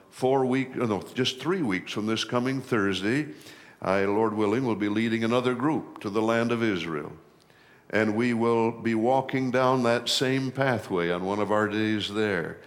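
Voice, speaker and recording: A middle-aged male pastor delivering a sermon at an unhurried, deliberate pace, with a voice of ordinary pitch for a man. He leans into key phrases, lifting his pitch and volume, and drags out words to give them weight. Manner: preaching with swells of emphasis on key phrases, slowing for weight.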